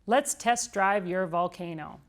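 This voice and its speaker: A woman's voice: medium pitch, unhurried, natural voice. A woman voicing a fussy male professor and science judge in a children's storybook read-aloud, matter-of-fact and lecturing.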